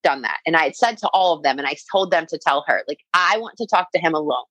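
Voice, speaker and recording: A young woman recounts a personal story in casual conversation, her voice a little low and recorded dry and close. She leans on "like" constantly and acts out what people said to her. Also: animated, fast talker, fairly bright tone, dry recording, highs cut off. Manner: frequent "like" fillers, quoting herself and others. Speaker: guest telling a personal story.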